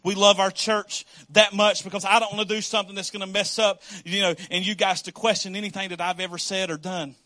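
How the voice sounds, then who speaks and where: A man preaching a sermon as pastor, emphatic and animated, acting out the voices he quotes and swinging from loud to hushed. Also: high-pitched, brisk, few pauses, no room sound.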